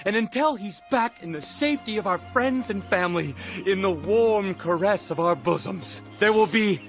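An actor playing an excitable, melodramatic young male deer who tells stories in a theatrical, overblown way. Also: sits high, moderate pace, soft background music. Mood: rallying. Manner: theatrical, overblown, shouting and wailing. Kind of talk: animated film dialogue. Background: loud film score.

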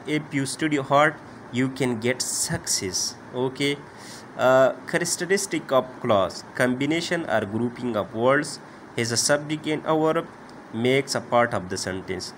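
A man teaching a grammar lesson, halting often with "uh" and "okay" as he explains. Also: mid-range voice, a little hiss or hum. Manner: slow, halting, many "uh" and "okay" fillers. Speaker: English teacher.

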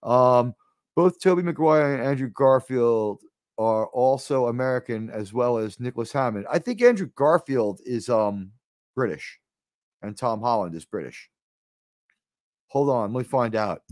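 A man hosting a casual live podcast, talking in an animated, exasperated way with frequent swearing. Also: a little slow, no echo. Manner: animated, swears often, jumps to high exasperated pitch. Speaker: host.

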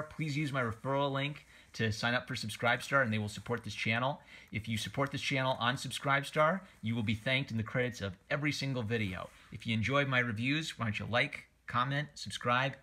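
A man's voice: mid-range voice, bright, forceful tone. A man casually reviewing comic book covers, rambling and opinionated, with lots of fillers and restarts. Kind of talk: casual commentary while flipping through covers.

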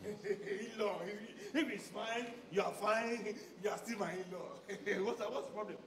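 A man's voice: sits high, measured pace, reverberant, crowd noise, pitched above the performer's own voice. An actor playing a proud, jovial father of the bride, greeting his guests with laughter. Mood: puzzled.

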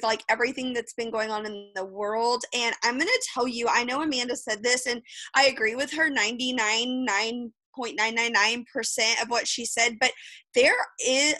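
A woman's voice: a little high, sharp tone, dry recording. A woman, giving a fired-up, candid motivational talk as a guest on a video call, swearing freely. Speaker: guest speaker.

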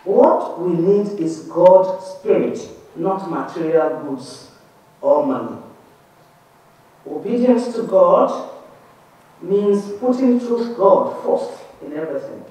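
A woman's voice: fairly low pitch, slow, distant mic. Woman lecturing in an echoey hall. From Nigeria. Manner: expressive, shifting between soft and emphatic. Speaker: Christian Science lecturer. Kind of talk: public religious lecture. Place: civic center auditorium.

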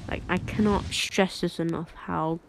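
A young woman streaming a game, chatting in a rambling, excitable way and giggling often. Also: on the low side, unhurried, vocal fry, slight background noise. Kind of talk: casual live-stream chat.

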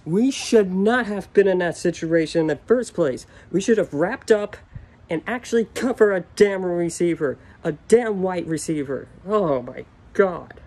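A man's voice: high voice, lively intonation, normal speed, a little mellow. A young man ranting angrily to his camera, frustrated and upset, repeating himself and swearing. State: upset and furious. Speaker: sports fan ranting on video. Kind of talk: angry solo rant.

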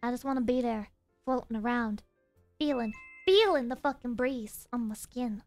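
Animated swearing Southern-accented woman streamer. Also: normal speed, soft background music. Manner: animated, swears a lot, jumps between high playful voices and low mutters. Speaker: game streamer. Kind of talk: casual live-stream chat while gaming.

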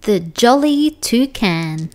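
Slow, expressive Australian storyteller woman. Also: on the high side, slight background noise. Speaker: storytime reader. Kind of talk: children's picture book read-aloud.

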